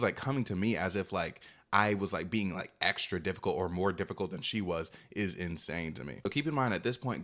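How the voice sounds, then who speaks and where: Young male vlogger, low voice, quick rambling storyteller, cocky. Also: a bit bright. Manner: rambling, filler-heavy, self-assured. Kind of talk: storytime vlog.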